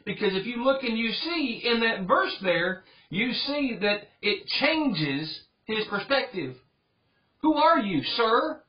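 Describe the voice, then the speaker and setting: High-voiced man preaching earnestly. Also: very animated, slow pace, few pauses, muffled recording. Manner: earnest, repeats phrases for emphasis. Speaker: pastor. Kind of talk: Bible study sermon.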